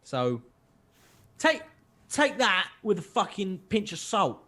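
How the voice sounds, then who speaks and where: A man, co-hosting a podcast and telling stories in an animated, sweary way. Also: high voice, takes it slowly. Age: 20s. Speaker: podcast co-host. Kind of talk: casual chat.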